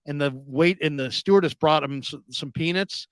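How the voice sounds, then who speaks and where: A talk radio host spins a long story in easy conversation, his voice sitting a little high and close to the mic in a dry, dead studio. He leans into every character, jumping up loud whenever he plays someone losing it. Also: normal speed, clean tone, no room sound. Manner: animated, acts out quoted people with sudden loud high outbursts. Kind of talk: casual storytelling chat.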